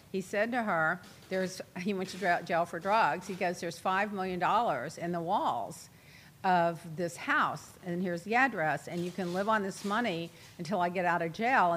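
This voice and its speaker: A woman's voice: lowish voice, slight background noise. A woman hosting a casual talk show, telling gossipy stories with lots of laughter. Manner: chatty, gossipy, laughs often, animated retelling. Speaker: host. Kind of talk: casual chat, storytelling.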